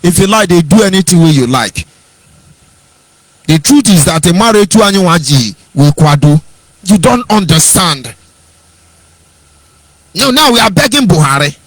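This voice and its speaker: A man's voice: high voice, animated, moderate pace, pauses often, no room sound. A Nigerian man giving an impassioned political monologue, rhetorical and mocking in tone. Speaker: political commentator.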